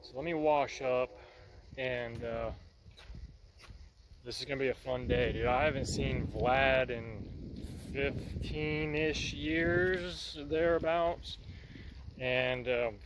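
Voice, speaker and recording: A man's voice: mid-range voice, slow, slight background noise. A man talking casually about his project in a workshop vlog, rambling and folksy. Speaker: vlogger.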